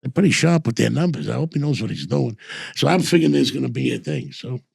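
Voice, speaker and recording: Talking fast and animated, the older host who was once a bookmaker rambles through casual stories in a husky, gravelly, slightly mellow mid-range voice. "I says" crops up repeatedly, and he often starts sentences over.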